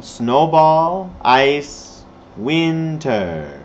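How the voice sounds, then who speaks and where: Very slow, lively teacher man. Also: a little high, a little hiss or hum. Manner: slow, clear, playful, repeating words for children. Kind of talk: children's vocabulary lesson. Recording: dull lo-fi recording with music.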